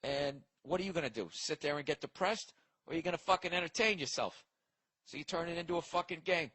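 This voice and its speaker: A man's voice: a little high, fast, bright, forceful tone, slightly rough, poor audio. A man hosting a comedy podcast, ranting profanely and rambling as he reacts to listener mail. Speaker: podcast host. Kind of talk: casual comedic podcast rant.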